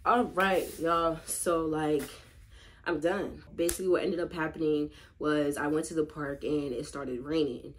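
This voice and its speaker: A woman's voice: low voice, fairly even intonation, unhurried, slight background noise. A woman who runs a small business, chatting casually to her viewers as she vlogs outdoors and from her car on a handheld phone. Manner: chatty, talks straight to viewers. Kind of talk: casual vlog narration.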